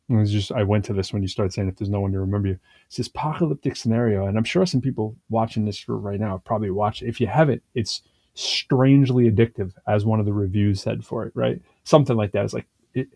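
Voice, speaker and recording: Rambling, mellow-voiced man chatting on a podcast. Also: lowish voice, fast talker, vocal fry, no echo. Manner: rambling, animated retelling with many fillers and restarts. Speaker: podcast co-host. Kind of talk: casual conversational chat.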